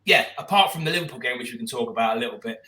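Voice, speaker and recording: A man's voice: mid-range voice, animated, racing, pushed and bright, echoey room, far from the mic, rough recording. A man co-hosting a podcast, chatting about football in a rambling, enthusiastic way with many restarts. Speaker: podcast co-host. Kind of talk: casual football chat.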